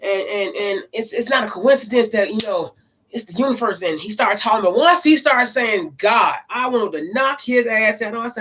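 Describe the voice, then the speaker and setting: A woman who reads tarot cards, telling a story in a casual vlog. She talks emphatically and swears, swinging between loud and low. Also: normal speed. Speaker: tarot card reader.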